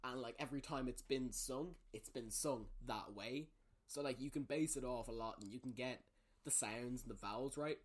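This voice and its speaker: A man's voice: mid-range voice, moderate pace. A young man hosting a podcast, chatting casually, laughing easily and swearing now and then. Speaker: podcast host. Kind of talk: casual chat.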